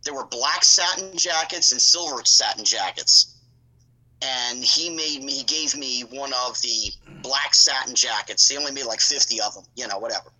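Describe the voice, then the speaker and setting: A man's voice: medium pitch, moderate pace, sharp tone, poor audio. A man telling a long story as a podcast guest, rambling with asides and acting out both sides of conversations. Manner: rambling, full of asides and acted-out dialogue. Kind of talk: casual storytelling.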